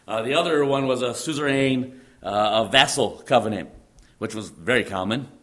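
A man's voice: mid-range voice, normal speed, fairly bright tone. A man preaching a sermon, teaching emphatically and repeating phrases for stress.

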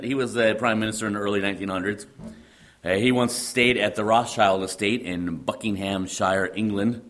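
A pastor with a Midwestern accent preaches in a very low, deep male voice. He talks in a relaxed, conversational way, pausing on fillers and restarting phrases. Touches of gentle humor run through his sermon. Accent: Midwestern American.

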